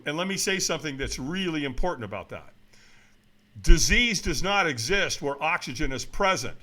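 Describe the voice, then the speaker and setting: A man's voice: on the high side, bright, forceful tone. A man in his seventies, a guest on an interview, talking in an emphatic, blunt, motivational way. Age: 70s. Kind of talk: casual interview talk.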